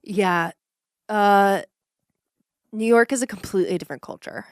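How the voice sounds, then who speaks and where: Young woman guest, earnest and lively, smooth low-ish voice, dry close sound. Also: normal speed, no room sound. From Texas. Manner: earnest and animated, many ums. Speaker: ministry executive director, guest. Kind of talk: casual podcast interview.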